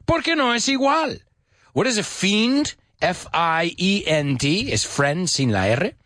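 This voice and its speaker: Man, teacher, husky dry voice, very animated, playful, mixes two languages. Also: on the high side, dry recording. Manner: playful, switches between English and Spanish. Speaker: English teacher. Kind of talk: bilingual language lesson.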